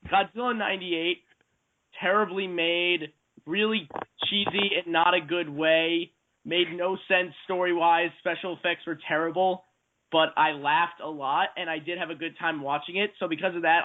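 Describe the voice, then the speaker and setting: Rambling high-voiced man, phone-thin audio. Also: steady tone, moderate pace, phone-quality sound. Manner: rambling, analytical, hesitant fillers. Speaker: podcast panelist. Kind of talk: casual podcast chat.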